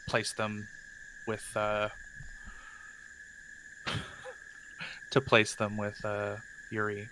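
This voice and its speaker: Brief: hesitant male player, bright tone, slow and deliberate. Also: fairly low pitch, a little hiss or hum, rough recording. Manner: slow, hesitant, many fillers. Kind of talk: tabletop game play.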